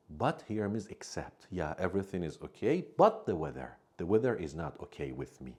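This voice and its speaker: Low husky guy teaching english, says things over a few ways. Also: sing-song, normal speed, darkish tone. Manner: patient, explains each point by repeating and rephrasing it. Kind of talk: spoken English lesson.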